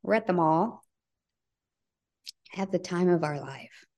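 A middle-aged woman, a podcast guest, telling a personal family story earnestly and acting out the dialogue, her voice sinking low at the heavy parts. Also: lively intonation, slow pace, a little mellow. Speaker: podcast guest, bereaved mother.

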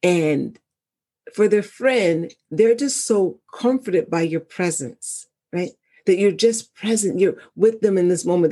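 A woman in casual conversation, speaking reflectively and with animated storytelling as a wellness coach. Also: lowish voice, unhurried, breathy edge.

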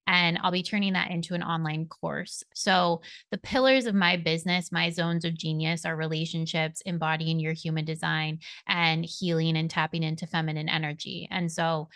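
A woman's voice: sits low, flat delivery, moderate pace, hardly any pauses, a bit bright, smooth, no echo. A woman speaking as a spiritual coach guest on a podcast, earnest and meandering, laughing often. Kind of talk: podcast interview conversation.

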